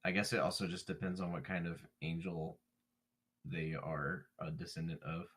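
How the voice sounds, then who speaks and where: A man takes part in a tabletop game, talking hesitantly with lots of fillers and dropping deadpan jokes. His voice is fairly low. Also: normal speed, husky. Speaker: player. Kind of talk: casual tabletop play.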